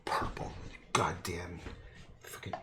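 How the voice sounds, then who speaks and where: A man speaks in a low, slightly bright whisper, slow and with little pitch movement. He's a painter livestreaming his work, rambling to himself with casual swearing and playful, self-mocking jokes.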